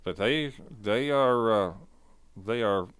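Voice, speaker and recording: A man co-hosting a casual sports radio show, speaking haltingly with lots of fillers. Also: mid-range voice, fairly bright tone, clean tone, no room sound. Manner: halting, filler-heavy, agreeable.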